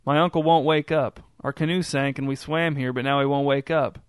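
A man's voice: medium pitch, steady tone, brisk, clear, resonant tone, dry recording, studio quality, lightly acted. A man voicing an anxious, pleading young man in a read-aloud story. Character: young man, nervous weak swimmer.

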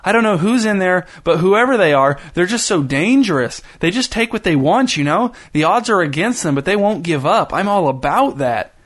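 A man voicing an excited young female fan, breathless and gushing. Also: high voice, moderate pace, hardly any pauses, voice pushed up.

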